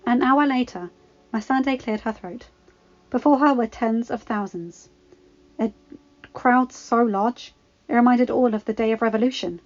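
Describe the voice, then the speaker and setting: A woman reading fan fiction aloud in a calm, even storytelling voice. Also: fairly high pitch, normal speed, lo-fi sound, faint music behind. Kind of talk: storybook narration.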